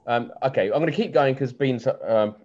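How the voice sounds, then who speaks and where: A man's voice: medium pitch, moderate pace, a little mellow. A man narrating as game master in a chatty way, full of ums and restarts, over a lo-fi video call.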